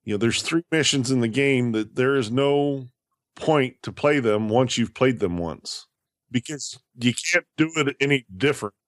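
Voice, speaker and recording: A man's voice: medium pitch, moderate pace, dry recording, clean studio sound. A man co-hosting a gaming podcast, talking casually and restarting his sentences often. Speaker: podcast co-host.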